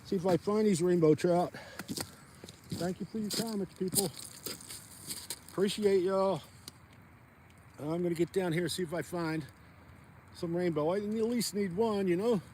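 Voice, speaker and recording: A man's voice: sits high, unhurried, long pauses, darkish tone, a little hiss or hum. A man, chatting rambly to viewers while ice fishing outdoors on a frozen pond. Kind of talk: casual outdoor vlog chat.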